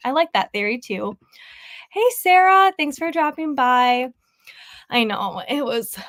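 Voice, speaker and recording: With a slightly high, fairly bright voice, a grieving young adult woman livestreams crafting from home. She's tearful but chatty, reading viewer comments in casual live chat, laughing frequently and saying "like" a lot.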